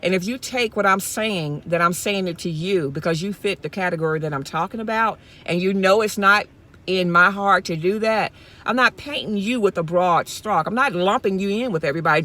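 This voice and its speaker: A woman's voice: fairly low pitch, a little fast, pushed and bright. A woman from Mississippi, talking straight to her viewers in a casual vlog, impassioned and repeating herself as she goes, speaking from her car. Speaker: YouTube vlogger.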